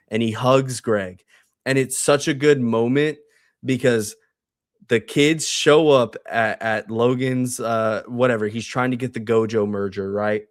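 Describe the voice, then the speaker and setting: A man co-hosting a podcast, excitedly recapping a TV show in casual, profane chat. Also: mid-range voice, dry recording, studio quality. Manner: excited, profane, quotes characters in quick asides. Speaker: podcast co-host.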